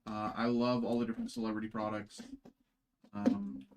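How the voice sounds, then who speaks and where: A man's voice: on the low side, level tone, normal speed, a little mellow, slight background noise. A man hosting a live card-opening stream, chatting casually with lots of fillers, restarts and self-deprecating jokes. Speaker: card break host.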